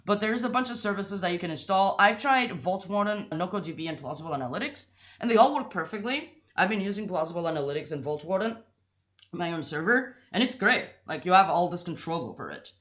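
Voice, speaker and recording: A young woman hosts a coding tutorial in a lowish, slightly bright voice, sounding animated and brisk. She chats and rambles casually, saying "like" a lot and cracking some self-deprecating jokes.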